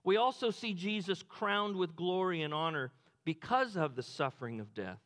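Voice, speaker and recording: Guy preaching, pretty high voice, big hall reverb, acts out the quotes all low. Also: animated, normal speed, fairly bright tone. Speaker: pastor. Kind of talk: sermon.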